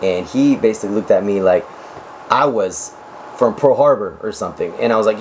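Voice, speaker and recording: Hoarse, chatty young nurse vlogger man. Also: fairly low pitch, a little fast, slight background noise, poor audio. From United States. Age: 20s. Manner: chatty, laughing, joking asides. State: raspy, hoarse voice. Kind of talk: casual chat to camera.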